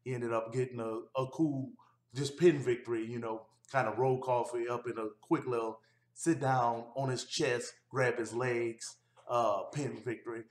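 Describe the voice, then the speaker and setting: A man's voice: mid-range voice, fairly even intonation, normal speed. A man giving a casual, rambling recap of a wrestling show, with easygoing delivery and frequent fillers. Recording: roomy echo.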